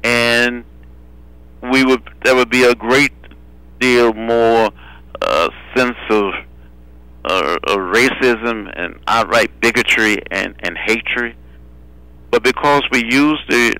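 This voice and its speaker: Bright, dry-voiced older man. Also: mid-range voice, clear, resonant tone, dry recording, rough recording. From Alabama. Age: 70s. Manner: measured, repeats phrases for rhythm. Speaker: guest. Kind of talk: phone interview storytelling. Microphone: telephone.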